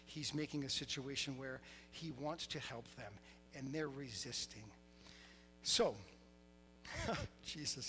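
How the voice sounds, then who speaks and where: A middle-aged man preaching a sermon, telling stories with lively quoted voices and laughter. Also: a little high, a little hiss or hum, poor audio. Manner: animated storytelling, laughing, voicing quotes. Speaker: pastor.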